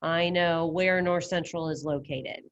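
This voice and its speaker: A woman's voice: deep voice, fairly even intonation, a little slow, dry recording, muffled recording. A woman teaching a Spanish class over a video call, casual and upbeat as she quizzes her students. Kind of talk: online class lesson. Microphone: computer mic on a video call.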